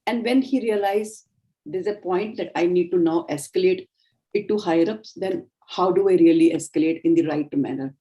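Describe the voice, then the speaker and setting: A middle-aged woman with an Indian English accent, giving a training lecture in a measured, explanatory way. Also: on the low side, warm tone. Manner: explanatory, measured, acts out sample dialogues. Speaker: communication trainer.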